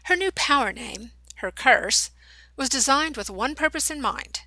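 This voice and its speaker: A woman narrating a young adult novel as an audiobook, reading in an expressive storytelling manner. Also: high voice, a little slow, no room sound, poor audio.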